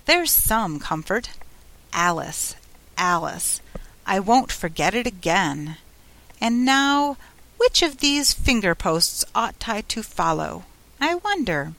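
A curious young girl, put on by a woman reader, rambles and muses aloud in a lively, bouncing voice. Her pitch sits a little higher than the narration and swings eagerly. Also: slow pace, creaky, exaggerated voice. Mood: determined. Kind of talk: storybook audiobook reading.

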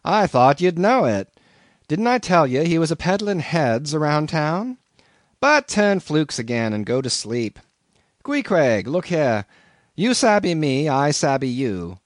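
A man voicing a jovial male innkeeper who grins and teases, in a brighter, louder voice. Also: a little high, big pitch swings, measured pace, no room sound, studio quality, voice pushed up. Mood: amused.

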